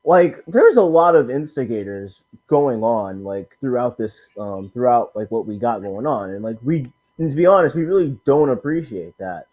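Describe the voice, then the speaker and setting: A man's voice: medium pitch, animated, moderate pace, few pauses, lo-fi sound. A man co-hosting a casual live-stream chat in a laid-back way, with lots of hesitant fillers.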